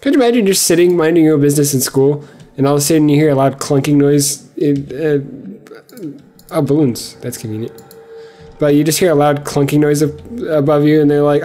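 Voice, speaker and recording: A man's voice: a little high, fast talker, mellow, soft background music. Sarcastic young man narrating a game. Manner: jokey, sarcastic, rambling to himself. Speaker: gameplay commentator. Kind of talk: let's play commentary.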